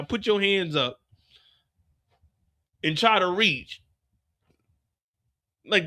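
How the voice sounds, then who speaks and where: A man hosting a live after show, recapping an episode casually and acting out the characters' lines as he goes. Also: high voice. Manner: animated storyteller, acts out characters' lines.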